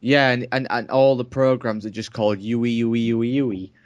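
A man co-hosting a casual podcast chat, cutting in with quick, teasing remarks. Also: medium pitch, fairly even intonation, dry recording, muffled recording. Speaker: podcast co-host.

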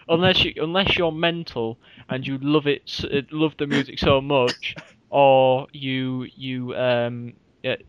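A man's voice: mid-range voice, smooth, no echo. Man, podcast co-host, rambling and giggly; dull lo-fi recording with a dry sound. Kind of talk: casual chat.

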